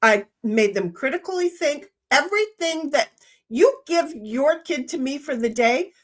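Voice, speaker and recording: A high-pitched older woman holds forth on her live stream in casual chat. She talks bluntly and swears freely. She plays out both sides of conversations as she goes. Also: lively intonation, measured pace. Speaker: stream host.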